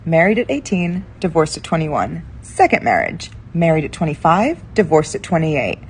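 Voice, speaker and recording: A woman's voice: sits low, very animated, normal speed, a little hiss or hum. A woman in a played clip, giving blunt, emphatic advice and repeating lines for stress. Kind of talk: casual advice monologue.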